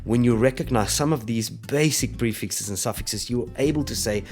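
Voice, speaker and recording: A man teaching an online language lesson, patiently explaining and slowly repeating example words. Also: mid-range voice, darkish tone, soft background music. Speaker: Hebrew teacher.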